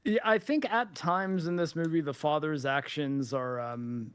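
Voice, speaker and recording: A man's voice: a little high, unhurried, fairly bright tone, smooth, dry recording. A man co-hosting a podcast, discussing a film in a thoughtful, hedging way with many fillers.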